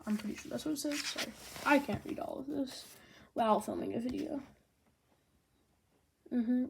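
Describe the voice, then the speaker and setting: A woman giving a casual manga review, rambling and excitable, with lots of "like" fillers. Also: sits high, normal speed, creaky, noisy background.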